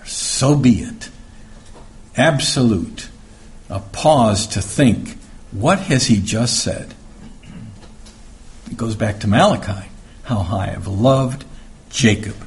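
Slowly and with frequent pauses, a man with a mid-range voice works through a Bible study sermon verse by verse. As a Bible teacher he speaks conversationally, with lots of fillers and restarts, and dramatizes the voices in the passages.

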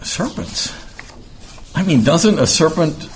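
Male preacher, unhurried sermon delivery, mid-range voice, repeats phrases for weight, faint ambient hiss. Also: mid-range voice, lively intonation, darkish tone. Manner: deliberate, repeats key phrases for emphasis. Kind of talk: sermon with scripture reading.

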